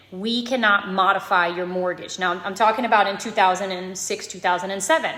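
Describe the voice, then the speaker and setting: A woman's voice: on the high side, fairly bright tone. Chatty woman loan officer, echoey room. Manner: chatty, checks in with listeners with "okay?" and "right?". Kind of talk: casual direct-to-camera advice.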